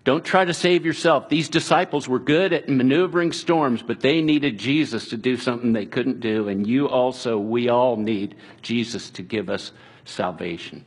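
Husky-voiced man preaching earnestly. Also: mid-range voice. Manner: earnest, conversational preaching with restarts and quiet, slowed passages. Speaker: pastor. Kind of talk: sermon.

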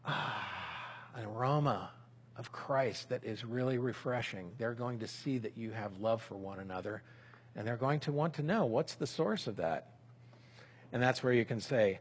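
A man preaches at mid pitch in an easygoing sermon, stopping to voice sample prayers as part of the lesson. His voice has a husky, slightly breathy grain. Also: measured pace. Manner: conversational preaching, with prayers spoken aloud as examples. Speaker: pastor.

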